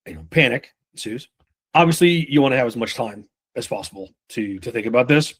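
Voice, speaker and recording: A man coaching sales reps in a relaxed, unpolished way, with frequent swearing and asides. He keeps slipping into short impressions of clients and reps to make his points. His voice sits at an ordinary middle pitch. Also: fairly quick, breathy edge. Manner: casual, swears freely, acts out buyer and rep lines. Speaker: sales trainer. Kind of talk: live sales training session.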